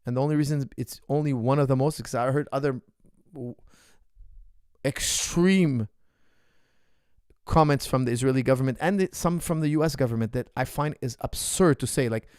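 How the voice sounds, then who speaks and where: A man's voice: mid-range voice, moderate pace, long pauses, darkish tone, clean tone, dry recording, studio quality. A man, a martial arts coach, answering viewer questions in an impassioned, indignant monologue, repeating phrases for emphasis.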